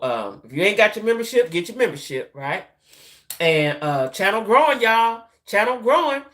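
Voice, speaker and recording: A middle-aged woman, hosting a loose, casual live-stream chat with her viewers. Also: fairly bright tone. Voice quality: deep voice. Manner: chatty, loose, repeats herself, talks to viewers as y'all. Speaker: YouTube channel host.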